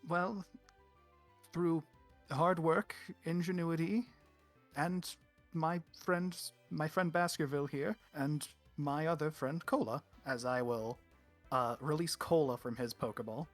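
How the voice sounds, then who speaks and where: Guy player, a bit high, jokey and anxious, music faint behind. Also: steady tone, slow pace. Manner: nervous, self-deprecating. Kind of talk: casual chat.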